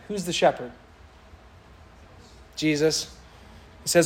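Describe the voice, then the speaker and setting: A man's voice: fairly high pitch, moderate pace, pauses often. A man preaching a sermon in a conversational way, acting out quoted voices now and then. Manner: conversational, mocks voices when quoting.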